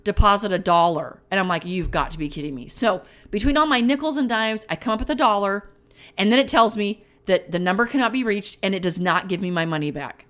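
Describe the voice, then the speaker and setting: A middle-aged woman in casual podcast chat, spinning a story with lively energy. She acts out her own quotes, and her voice sits at an ordinary middle pitch for a woman. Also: brisk. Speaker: podcast co-host.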